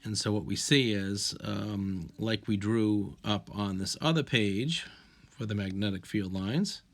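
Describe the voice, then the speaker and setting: A man with a lowish voice, explaining a science lesson to his students over recorded slides. He talks plainly and patiently, often backing up to restart a phrase and tossing in "if you will.". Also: a little slow, gravelly. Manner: walking students through slides. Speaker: science teacher. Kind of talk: recorded online class lesson.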